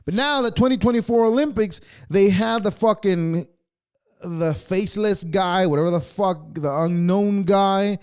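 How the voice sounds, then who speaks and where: A man's voice: high voice, unhurried, darkish tone, clear, resonant tone. A man hosting a podcast, ranting casually in a profane, rambling way. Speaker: podcast host.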